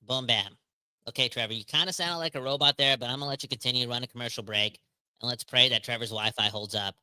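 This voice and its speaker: A man co-hosting a hockey podcast in casual chat, energetic and slangy, joking with viewers. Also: mid-range voice, fast talker, clear, resonant tone, no echo. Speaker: podcast co-host.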